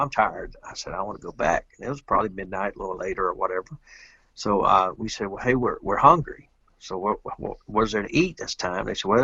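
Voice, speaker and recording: A middle-aged man from Georgia, telling a rambling, animated story as a guest in a casual interview. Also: on the low side, gravelly, husky, no echo, lo-fi sound. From Georgia, USA. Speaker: guest, pro pool player.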